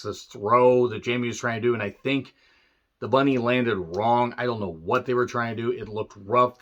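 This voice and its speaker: A tired man recapping a wrestling show in a casual solo review, rambling with fillers, wry asides and frequent throat-clearing. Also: mid-range voice, a bit bright, dull audio.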